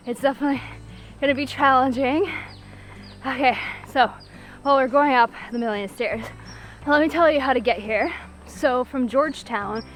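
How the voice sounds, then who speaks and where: A woman travel vlogger chatting casually while hiking an outdoor trail, laughing often. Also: on the high side. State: out of breath from hiking.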